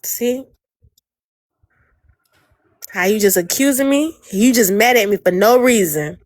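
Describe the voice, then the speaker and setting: A woman's voice: mid-range voice, a little slow, dry recording, clean studio sound. A woman hosting a live audio chat room, blunt, teasing and profane in casual talk on a phone mic.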